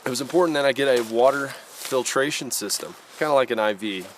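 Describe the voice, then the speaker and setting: An outdoor vlogger, a man with a mid-range voice, talks briskly in a casual camping vlog from a mountain campsite, with slight background noise. He's easygoing and folksy, says "y'all," and sounds a little out of breath from the altitude.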